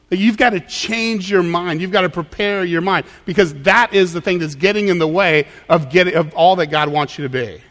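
A man's voice: high-pitched, fairly bright tone. A man preaching a sermon as pastor, conversational, acting out quoted voices. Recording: long hall reverb.

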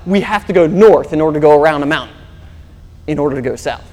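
A male pastor preaches through a personal story, his delivery lively and animated. His voice sits high for a man, and it rings out with a long reverb, as if in a large hall. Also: fast talker. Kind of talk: storytelling sermon.

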